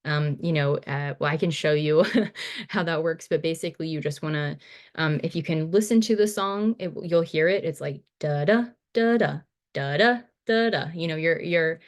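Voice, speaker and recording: A woman teaching over slides in a relaxed, casual manner, full of fillers and restarts. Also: sits low, normal speed. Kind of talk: recorded slide lecture.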